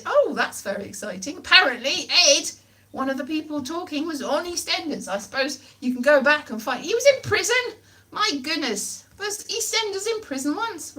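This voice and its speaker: A woman rambling comically through a chat, playful and silly as she slips into put-on voices and nonsense sounds. Her voice is high and bright, and it jumps around with a lot of liveliness.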